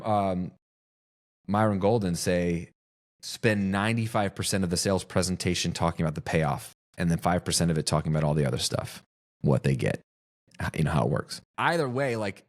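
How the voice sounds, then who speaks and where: A middle-aged man and business coach, talking straight to camera in an emphatic, teaching style and repeating phrases for stress. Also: lowish voice. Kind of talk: direct-to-camera teaching talk.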